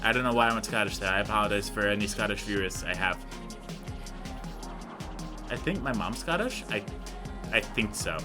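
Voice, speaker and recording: A man's voice: lowish voice, moderate pace, pauses often, music in the background. A young man giving casual, rambling, self-deprecating commentary while playing a video game. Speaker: let's play host.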